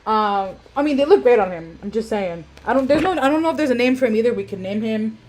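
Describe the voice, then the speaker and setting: A woman's voice: on the high side, expressive, fast talker, darkish tone. A young woman hosting an art auction live stream at home, chatting casually with lots of ums and self-deprecating tangents. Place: home room. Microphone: webcam.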